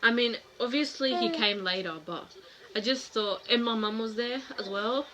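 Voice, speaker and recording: Bright-voiced young woman vlogger. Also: a little high, moderate pace, a little hiss or hum. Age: young adult. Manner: frank, animated, acts out quoted voices. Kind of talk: casual storytelling to camera.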